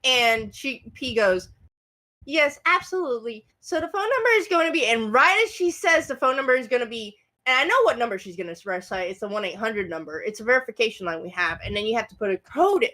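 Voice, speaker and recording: Animated high-voiced woman telling a story. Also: fast, hardly any pauses. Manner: animated storyteller, acts out quotes. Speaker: podcast co-host. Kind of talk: casual podcast chat.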